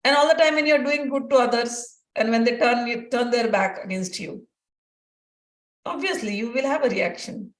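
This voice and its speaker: A woman's voice: on the high side, moderate pace. A woman giving an earnest devotional teaching talk, telling personal stories and repeating phrases for emphasis. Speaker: spiritual teacher. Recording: roomy distant mic.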